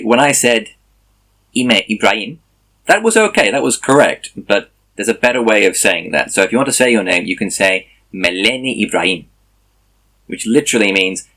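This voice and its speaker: Brief: tired male vlogger, low voice, chatty and self-correcting. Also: a bit bright. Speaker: language-learning vlogger. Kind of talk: casual video diary.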